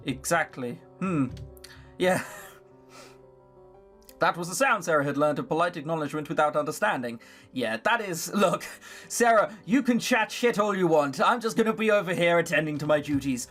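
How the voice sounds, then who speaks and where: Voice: mid-range voice, lively intonation, normal speed, fairly bright tone, soft background music. A let's play host reading a visual novel aloud, breaking off for blunt, sarcastic asides with swearing.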